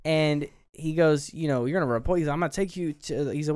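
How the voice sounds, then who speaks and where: Animated man retelling a film. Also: on the high side, fast talker, clean tone, dry recording, clean studio sound. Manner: animated retelling, acts out film lines, swears casually. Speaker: podcast co-host. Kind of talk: casual film review chat.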